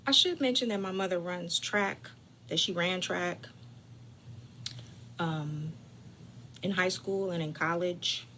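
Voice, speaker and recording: This caregiving channel host tells a family story slowly, pausing often, her fairly low voice still bright and forceful. Chatty and dramatic, she addresses her audience directly and lowers to a whisper to build suspense, with a faint hum in the background.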